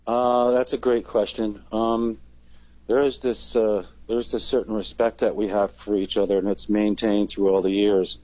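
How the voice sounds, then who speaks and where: A man's voice: on the low side, little pitch movement, normal speed, darkish tone, dry recording, muffled recording. A man, a touring band's singer, chatting casually in an interview and rambling with many fillers and restarts. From Canada.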